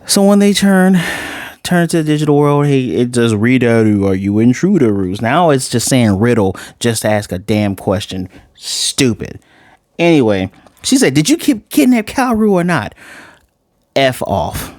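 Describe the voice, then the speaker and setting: A man's voice: medium pitch, lively intonation, normal speed, a little mellow, no echo, clean studio sound. A man giving a casual review and ranting bluntly, with swearing and lots of restarts. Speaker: anime reviewer.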